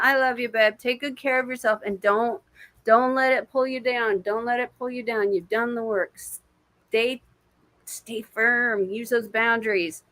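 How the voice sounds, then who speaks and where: A woman's voice: a little high, sharp tone. A woman giving live intuitive readings to viewers on a stream, casual and encouraging, with plenty of swearing and pet names like babe and my friend. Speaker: intuitive reader.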